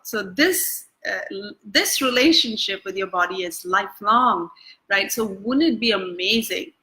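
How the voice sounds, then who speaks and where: A woman's voice: on the high side, pushed and bright, low-quality recording. A woman working as an energy-tapping coach, teaching in a casual, conversational way full of fillers and restarts. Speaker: EFT coach. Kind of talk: casual talk-to-camera teaching. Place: Bangkok.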